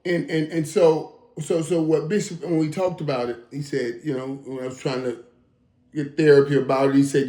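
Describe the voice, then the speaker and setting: A man in his fifties hosting a casual reaction monologue, talking emphatically with stammered restarts and dropping into low mutters. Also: steady tone, normal speed, mellow. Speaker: host. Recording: roomy echo.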